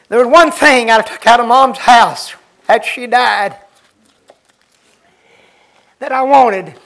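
An older man singing a slow gospel song, then chatting and telling stories, addressing people by name. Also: extremely high pitch, bright, forceful tone, poor audio. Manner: drawn-out sung lines, then quick chatty talk addressing others by name. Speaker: gospel singer. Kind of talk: gospel singing and folksy storytelling.

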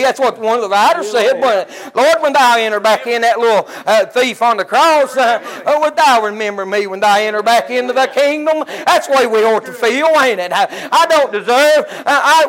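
A man's voice: extremely high pitch, a bit bright, rough recording. An older man preaching an impassioned country church sermon, full of stumbling fillers. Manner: impassioned and tearful, with many uh fillers.

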